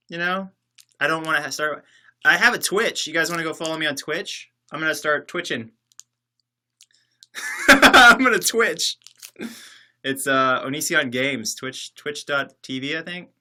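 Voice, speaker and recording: The host, a man alone in a separate building, reads his livestream chat and answers with sarcastic, rambling humor. His voice leans high, bright and forceful.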